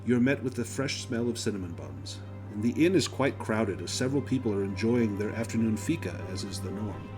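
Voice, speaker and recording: A man narrating a tabletop role-playing game as game master, descriptive and unhurried, pausing with fillers. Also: on the low side, expressive, music in the background.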